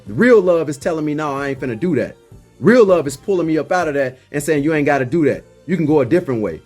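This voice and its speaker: A man's voice: on the high side, animated, fast talker, darkish tone, slightly rough, faint music behind. A man, talking earnestly as a community mentor, restarting often and growing heated. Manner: earnest, repeats and restarts, rises when heated. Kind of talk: impassioned personal talk.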